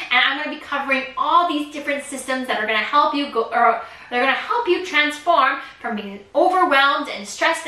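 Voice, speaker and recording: A woman in her thirties teaching from her art studio, bubbly and animated, squealing excitedly when she imitates kids. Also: high voice. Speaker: art teacher and course host. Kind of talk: energetic teaching vlog. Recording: roomy, slightly distant camera audio.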